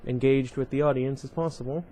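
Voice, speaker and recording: A man's voice: mid-range voice, steady tone, brisk, warm tone, slight background noise. A man casually reading a novel aloud at home, breaking off often for rambling side comments full of fillers. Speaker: reader of a book series.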